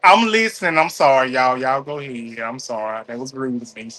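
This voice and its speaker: A man in casual group chat, jokey and quick to laugh, apologizing for interrupting while cleaning. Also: mid-range voice, bright, forceful tone.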